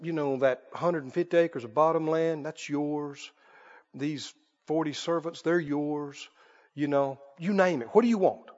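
A man voicing a smooth male king who makes bribe offers in a low, hushed, wheedling tone. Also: very animated, brisk, long pauses, in a large hall, highs cut off, exaggerated voice.

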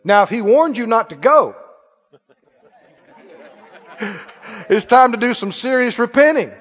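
High-pitched animated preacher man. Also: measured pace, some chatter behind. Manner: animated, asks the congregation questions and acts out scenes. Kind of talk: sermon. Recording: reverberant church hall, dull lo-fi sound.

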